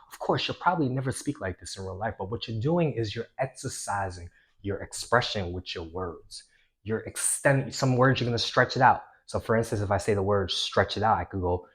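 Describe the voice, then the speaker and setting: Man, lowish voice, energetic coach, big swings between loud and hushed delivery. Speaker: self-improvement coach. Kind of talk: instructional talk to camera.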